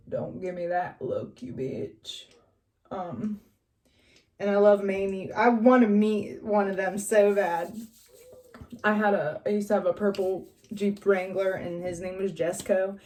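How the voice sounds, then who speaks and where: Young West Virginia woman, loose get-ready vlog chatter, mellow voice, drifts between topics. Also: mid-range voice. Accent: northern West Virginia. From West Virginia, USA. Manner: rambling, chatty, drifts off quietly. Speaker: vlogger. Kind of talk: casual get-ready-with-me chat.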